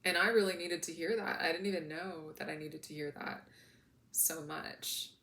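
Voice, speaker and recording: A woman with a low, gravelly voice shares earnest reflections in a casual vlog, searching for words with plenty of "like" fillers. Her voice carries a roomy echo and a faint hiss of background noise. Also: fairly even intonation, moderate pace, bright, forceful tone. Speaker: spiritual energy coach. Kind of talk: casual heartfelt vlog talk. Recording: echoey room with faint noise.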